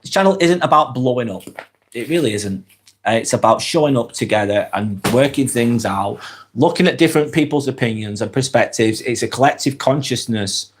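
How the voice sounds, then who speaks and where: A man from Lancashire with a Lancashire accent and a head cold. He talks in a middle-pitched voice that is run down and a little stuffy. His live-stream chat is relaxed and earnest, and he rambles with fillers and the odd sigh. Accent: Lancashire English. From Lancashire, England. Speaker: vlogger hosting a live stream. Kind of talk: casual live-stream chat, reading comments aloud.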